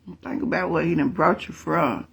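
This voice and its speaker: A middle-aged man, telling his viewers a family story in a chatty, animated way and calling on the Lord. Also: fairly high pitch, normal speed, vocal fry, slightly rough. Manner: animated, chatty, laughs often, calls on the Lord. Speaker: vlogger.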